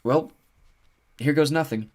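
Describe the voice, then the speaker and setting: A man's voice: a little high, a little slow, darkish tone, voice pushed up, lightly acted. A man voicing an exasperated, sarcastic teenage demigod boy in an audiobook.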